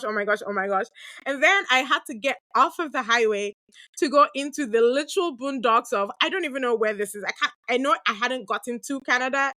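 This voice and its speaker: A woman in her thirties with a slightly high voice hosts a podcast and answers listener questions, heard in a dry recording. She tells candid stories in a lively, chatty way, laughing often and packing her talk with asides and fillers.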